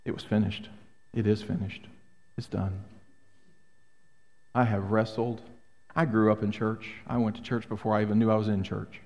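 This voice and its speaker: A man's voice: on the low side, flat delivery, moderate pace, long pauses, a little mellow, highs cut off. A middle-aged man preaching a sermon to his congregation, emphatic and full of rhetorical questions. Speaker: pastor. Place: church sanctuary. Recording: long hall reverb.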